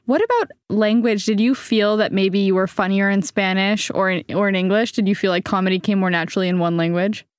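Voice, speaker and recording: A woman's voice: medium pitch, fairly even intonation, a little fast, few pauses, no room sound. A woman interviewing a guest with curious, brief follow-up questions. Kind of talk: casual interview.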